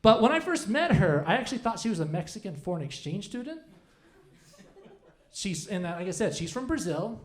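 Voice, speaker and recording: A man's voice: sits high, sing-song, brisk. A man in his forties doing a stand-up comedy set on a club stage, rambling and self-deprecating with lots of restarts.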